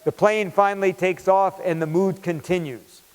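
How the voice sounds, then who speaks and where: A man tells a lively story during a keynote, chatty and animated. His voice sits a bit high for a man. A long reverb from a large hall follows each phrase. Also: moderate pace, clear, resonant tone. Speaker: keynote speaker.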